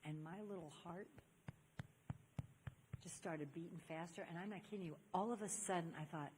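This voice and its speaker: A woman's voice: on the low side, moderate pace, darkish tone, a little hiss or hum. An older woman giving a personal testimony talk to young people at a church convention. She tells her story animatedly and acts out the people in it. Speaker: speaker at a church youth convention. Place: large convention hall. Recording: long hall reverb.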